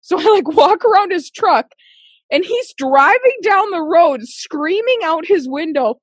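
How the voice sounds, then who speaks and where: A woman's voice: very high voice, a little slow, no echo, studio quality. A woman, telling stories in casual podcast chat, cursing freely and acting out what people said. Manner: profane, animated storyteller, acts out quotes.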